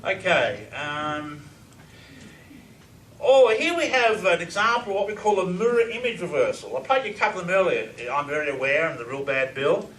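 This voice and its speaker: Here the reverse-speech lecturer, a middle-aged man, sounds very animated and sits high in pitch, with a fairly bright tone and moderate pace. He eagerly plays recordings and quizzes the audience, heard from far off in an echoey room with faint hiss.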